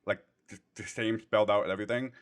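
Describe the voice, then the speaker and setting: A man guest telling a story in casual chat, getting louder and more excited as he retells it. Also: fairly low pitch, fast talker. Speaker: guest streamer.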